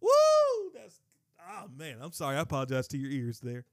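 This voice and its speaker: A man's voice: medium pitch, expressive, brisk, no room sound, studio quality. A man preaching a sermon with emphatic delivery, often repeating and restarting his phrases. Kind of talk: sermon teaching.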